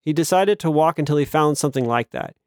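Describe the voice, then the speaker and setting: A male narrator reading a novel in steady, measured storytelling. His voice sits a bit high for a man. The recording is dry and close, with no room sound. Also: dry recording. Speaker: audiobook narrator. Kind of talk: scripted narration.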